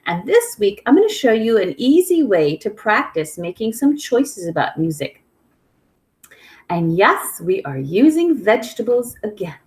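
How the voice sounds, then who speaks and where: Patient woman teaching a kids' music class. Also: a little high. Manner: patient, clear, sing-song call-and-response prompting. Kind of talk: online music lesson for children.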